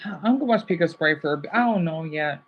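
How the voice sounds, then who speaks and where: A man's voice: fairly high pitch, expressive, dull audio. Agitated, apologetic man on a livestream. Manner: agitated, rambling, quick to apologize. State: upset and burnt out. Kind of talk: casual livestream talk.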